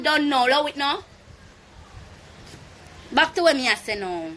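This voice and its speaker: Young Jamaican woman, high bright voice, loud profane livestream rant, phone mic. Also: lively intonation, normal speed, long pauses, a little hiss or hum. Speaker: Instagram live streamer.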